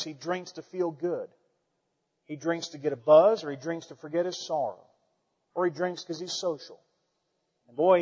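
A man preaching a folksy, animated sermon to his church, swinging between loud declarations and quiet asides. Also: high voice. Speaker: pastor. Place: church sanctuary. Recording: dull sound with long hall reverb.

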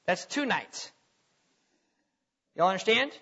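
A man's voice: high voice, very animated, takes it slowly, vocal fry, sharp tone, husky. A man preaching a teaching sermon in a conversational way, stopping often to check that the listeners follow. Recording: dull lo-fi recording.

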